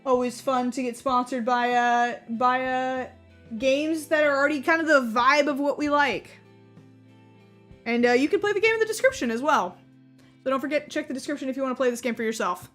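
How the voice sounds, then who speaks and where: A young woman gives casual commentary on a cozy game. She talks in a chatty, rambling way and leans on lots of fillers. Her voice is high-pitched, with quiet game music underneath. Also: brisk. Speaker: gaming YouTuber.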